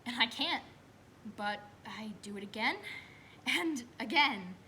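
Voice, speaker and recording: A woman's voice: fairly high pitch, lively intonation, slow, bright, forceful tone, slight background noise, heavily acted, rough recording. A young woman acting a stage monologue as an anxious new mother, telling it expressively and slipping into whispers. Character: anxious new mother recalling giving birth. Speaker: student actress. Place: school theater stage.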